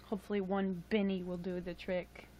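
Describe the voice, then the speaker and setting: Young woman, low-ish voice, rambling livestream host, chatty and self-deprecating, faint hiss. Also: level tone, normal speed, warm tone, muffled recording. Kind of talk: casual livestream chat.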